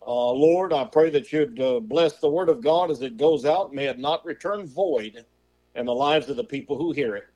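A male preacher giving a sermon, firing off rhetorical questions in a folksy way of talking and slowing to a drawl on scripture. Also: medium pitch, warm tone. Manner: slows and drawls on scripture quotes; folksy turns of phrase.

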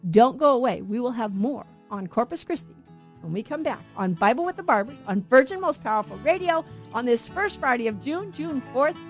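A woman's voice: a little high, sing-song, a little fast, soft background music. A woman co-hosting a radio Bible program, teaching earnestly and emphatically and asking rhetorical questions in a studio.

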